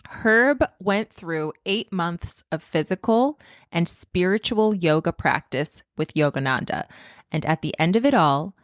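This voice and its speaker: A woman's voice: medium pitch, dry recording, studio quality. A young woman hosting a podcast, telling a story casually with lots of fillers and restarts. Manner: rambling, filler-heavy with many "like"s. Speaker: podcast host.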